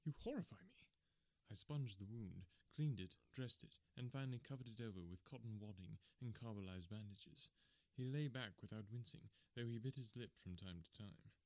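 A man narrating a storybook in a measured, even reading style. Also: on the low side, no room sound. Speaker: audiobook narrator.

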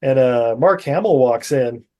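A podcast co-host with a mid-range, expressive, mellow voice casually recaps a movie at an unhurried pace. He rambles with plenty of fillers and laughs frequently.

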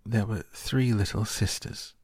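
A man voicing a sleepy dormouse in a hoarse, feeble murmur, reading a storybook at bedtime. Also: lowish voice, steady tone, measured pace, darkish tone, no echo, voice pushed up. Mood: drowsy. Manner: faint drowsy murmur.

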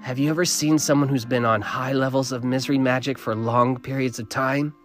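A man's voice: mid-range voice, steady tone, brisk, faint music behind, close to an everyday voice. A man doing a wary older woman guide. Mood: hushed warning. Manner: urgent hushed warnings.

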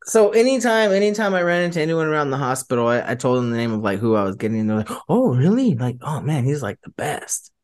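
A man's voice: mid-range voice, lively intonation, quick pace, hardly any pauses, clean tone. A young man co-hosting a casual podcast, easygoing and trailing off at the end of his thoughts. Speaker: podcast co-host.

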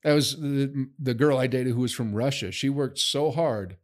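A man's voice: mid-range voice, moderate pace. A man in casual chat, talking bluntly and swearing freely as he gives opinions.

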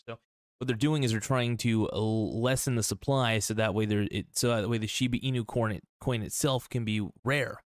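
A man's voice: on the low side, fairly even intonation, moderate pace, clean tone, no echo, clean studio sound. Rambling man hosting a crypto podcast. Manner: rambling, restarts and filler-heavy. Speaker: podcast host. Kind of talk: casual solo crypto podcast.

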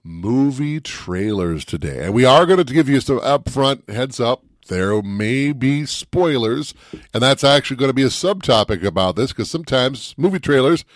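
A Midwestern man co-hosting a movie podcast, chatting in an animated, playful way. His voice sits at an ordinary middle pitch. It is recorded close and dry, with no room sound. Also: normal speed, no echo. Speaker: podcast co-host. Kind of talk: casual chat.

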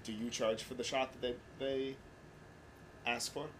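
A man's voice: mid-range voice, level tone, measured pace, background noise. A man hosting a podcast, asking questions in a joking, profane way. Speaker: podcast host. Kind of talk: casual interview chat.

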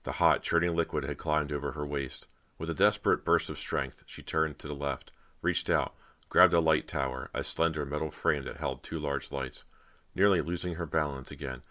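A man narrating a horror audiobook in a measured, dramatic reading. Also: a bass voice, bright, forceful tone.

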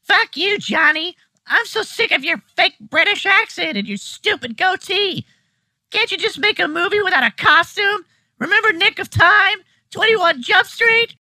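A woman playing a furious, spiteful female movie star who shouts insults. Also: very high-pitched, expressive, a little slow, no room sound, exaggerated voice.

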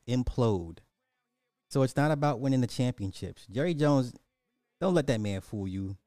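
A man, ranting in casual commentary, loose and animated, swearing and repeating himself. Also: medium pitch, dry recording, studio quality.

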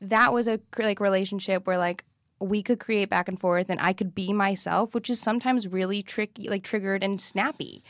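A woman's voice: mid-range voice, fairly even intonation, moderate pace, fairly bright tone, no room sound, studio quality. A woman comedian and actress as a podcast guest, chatting animatedly and swearing freely, with many "like" fillers. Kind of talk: casual chat.

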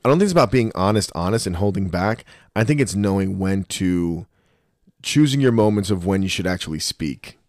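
A man's voice: deep voice, brisk, dry recording, clean studio sound. A man co-hosting a podcast, telling stories in casual chat and acting out what others said, with plenty of swearing. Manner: animated storyteller, acts out quotes, swears often. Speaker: podcast co-host.

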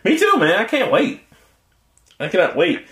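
A man co-hosting a casual podcast chat, animated and laughing often, acting out quotes in funny voices. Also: high voice, normal speed, roomy sound. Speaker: podcast co-host.

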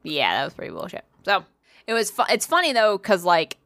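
Her medium-pitched, fairly bright voice swoops wildly in pitch as she talks briskly, a woman co-hosting a podcast and spinning a story in casual chat. Expect free swearing, lots of laughter, and self-deprecating humor, with no room sound.

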